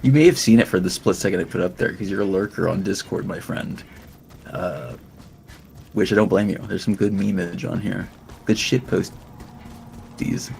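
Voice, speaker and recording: A man's voice: low voice, fairly quick, vocal fry, darkish tone, slight background noise. A man in his late twenties, a streamer chatting casually, rambling and swearing as he talks. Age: late 20s. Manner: rambling, profane, laughing. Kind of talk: casual chat. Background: music.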